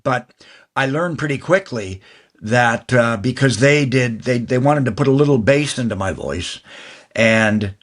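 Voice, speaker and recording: Rambling older male storyteller. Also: mid-range voice. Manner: fast, rambling talker who restarts mid-phrase. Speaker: guest actor. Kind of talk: anecdotal interview storytelling.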